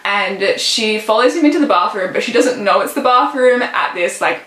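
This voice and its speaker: Teen woman, book vlogger, gushing chatter, mid pitch, echoey room. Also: animated, moderate pace, a bit bright. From Australia. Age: late teens. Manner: gushing, chatty, fond of "literally" and "so good". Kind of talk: casual book recommendations.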